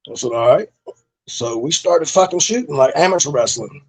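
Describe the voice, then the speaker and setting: A man's voice: fairly high pitch, expressive, moderate pace, husky. A middle-aged man, a former pro wrestler, telling stories from his career in a laid-back, profane way, with lots of fillers. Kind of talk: casual storytelling interview.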